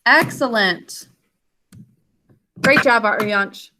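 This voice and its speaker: A woman teaching an online spelling lesson to children over a video call, sounding out words slowly and giving frequent praise. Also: fairly high pitch, bright, forceful tone, slight background noise. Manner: slow, deliberate enunciation with praise.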